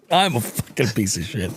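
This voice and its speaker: A man's voice: mid-range voice, husky. A young adult man hosting a fishing podcast, chatting casually, joking and swearing. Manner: profane, joking, animated. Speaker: podcast host. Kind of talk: casual chat.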